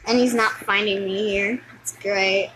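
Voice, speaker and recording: A woman giving lively, exclamatory commentary over her gameplay, often repeating words in a sing-song way. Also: medium pitch, a little slow, a little hiss or hum, low-quality recording. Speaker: gaming video host.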